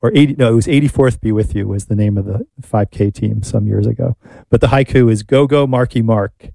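Playful, mellow-voiced man co-host. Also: on the low side, creaky, breathy edge, no echo. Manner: playful, halting with repeated words. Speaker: radio co-host. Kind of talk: casual chat.

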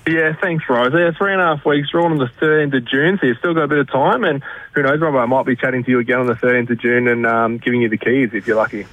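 A man's voice: mid-range voice, no echo. An Australian man, a hospital fundraising director, talking earnestly on a radio call-in and restarting his sentences often. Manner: earnest and fast, with many restarts. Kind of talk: radio interview over the phone. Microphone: telephone. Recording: tinny dry phone line.

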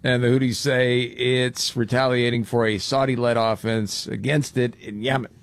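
A man's voice: medium pitch, flat delivery, normal speed, dry recording. A man hosting a radio talk show, chatting casually and laughing easily with his co-hosts.

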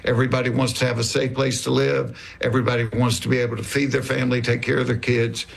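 A man's voice: medium pitch, flat delivery, quick pace, vocal fry, a little hiss or hum. A man with a Southern US accent, a comedian guest telling folksy stories in casual conversation and acting out quoted remarks. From American South.

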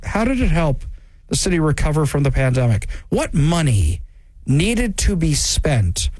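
Sarcastic high-pitched male commentator. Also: dry recording. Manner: sarcastic, mocking, reads news excerpts aloud. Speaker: political commentary host. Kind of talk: opinionated news commentary.

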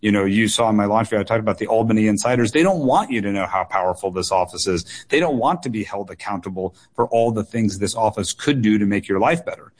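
A man with a slightly low voice answers questions as a political candidate on call-in radio. He speaks earnestly and in measured phrases, and he often doubles words and leans on fillers as he works through a point. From United States.

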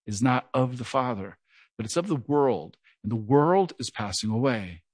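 A man's voice: medium pitch, normal speed, no echo. A middle-aged man preaching an earnest verse-by-verse Bible teaching, who mentions that he stutters and sometimes repeats words. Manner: earnest, lively preaching with a self-described stutter. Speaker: pastor.

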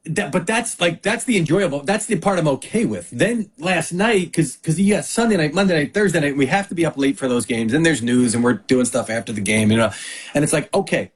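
Sports-media guest, male, husky, lively storyteller, a bit high-pitched. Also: brisk. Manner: animated storyteller, acts out quotes. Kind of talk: casual chat.

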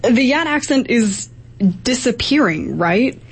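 A woman's voice: on the high side, very animated, slow pace, breathy edge. A woman reporter asking brief, inquiring interview questions.

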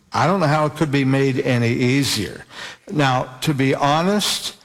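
A man preaching a sermon in an earnest, deliberate way, spelling out key words slowly. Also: medium pitch. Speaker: pastor.

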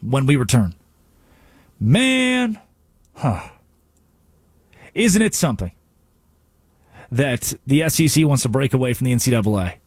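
A male sports radio host delivering an animated, sarcastic rant from a studio. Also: medium pitch, normal speed, long pauses, slightly rough, no echo. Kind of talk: sports talk radio monologue.

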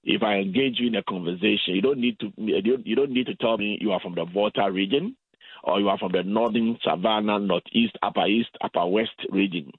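Deep-voiced man from Ghana on a phone line. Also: breathy edge, no room sound. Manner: measured, explanatory, repeats words. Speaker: guest. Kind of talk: interview over the phone.

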